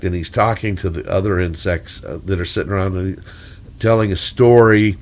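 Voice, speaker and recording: Low-voiced man with a crackly cold. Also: darkish tone. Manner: corny, joking, wandering asides. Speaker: storyteller. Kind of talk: rambling solo mic-check monologue.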